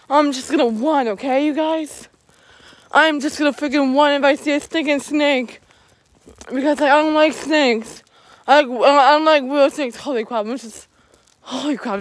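A woman's voice: sits high, no room sound. A woman vlogging while she walks alone outdoors, talking to her viewers in a jittery, rambling way and saying "you guys" over and over. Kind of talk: walking vlog talking to viewers.

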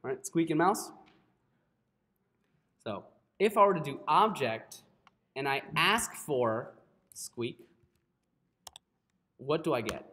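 Male coding teacher, live class, unhurried delivery, keeps checking in with the room. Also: a little high, expressive, sharp tone. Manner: keeps checking in with "right?" and apologizes a lot. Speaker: coding instructor.

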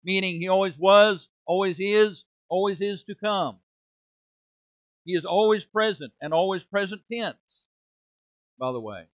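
Middle-aged male preacher, high pitch, emphatic sermon delivery, dull close recording. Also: a little slow, long pauses, dry recording. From United States. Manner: emphatic preaching with rhetorical questions and dramatic drops in volume. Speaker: preaching minister. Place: church sanctuary.

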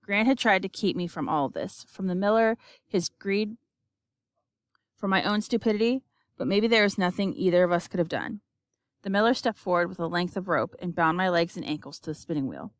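A woman giving an expressive, measured audiobook narration. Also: lowish voice, dry recording, studio quality.

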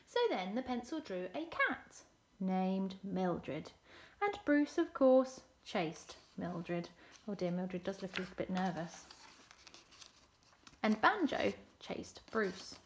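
Expressive woman reading aloud. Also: mid-range voice, slow pace, slight background noise. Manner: expressive, asks the children questions. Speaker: teacher. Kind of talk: reading a picture book aloud to children.

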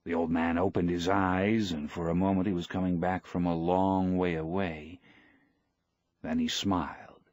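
A man narrating an audiobook in a measured, even reading. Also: deep voice, no room sound, lo-fi sound. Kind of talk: scripted narration.

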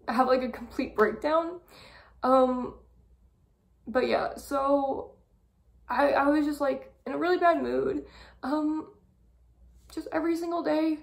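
A young woman talking through a personal month-review vlog, halting and full of fillers, fighting back tears. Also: high-pitched. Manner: halting, with many fillers and pauses. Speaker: vlogger.

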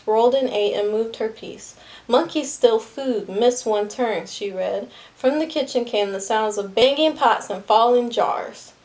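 A woman reading a children's picture book aloud with steady, clear narration. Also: fairly high pitch. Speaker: storybook reader.

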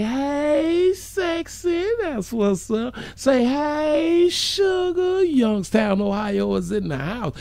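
A man from St. Louis, Missouri, hosts a joking, casual livestream, reading the chat and shouting loud shout-outs, his voice hoarse from partly losing it. He breaks into sudden squeaky, high "hey sugar" greetings, and there's no room sound.

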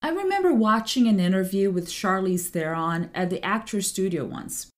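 A woman's voice: medium pitch, lively intonation, normal speed, over loud music. Woman hosting a scripted podcast. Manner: reads a prepared script evenly, with light asides. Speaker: podcast host and translator. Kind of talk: scripted solo podcast monologue.

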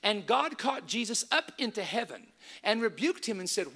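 Emphatic high-voiced male preacher. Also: sing-song, moderate pace, bright, forceful tone. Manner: emphatic, repeats key points to a live audience. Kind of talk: sermon.

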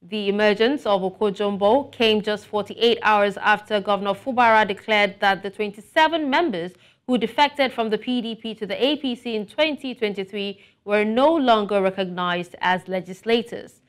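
Female TV news presenter, formal delivery, medium pitch. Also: moderate pace. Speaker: news anchor.

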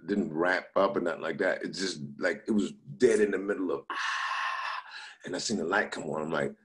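A middle-aged male comedian talks fast in a low voice, casually telling stories as a guest. Laughing, he acts out each person he quotes.

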